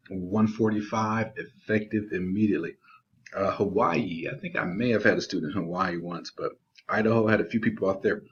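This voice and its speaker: Male GED teacher, lower register, enthusiastic and full of "uh"s, dull lo-fi recording. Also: slight background noise. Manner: warm, excited shout-outs with frequent fillers. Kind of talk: enthusiastic video announcement. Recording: dull lo-fi video audio.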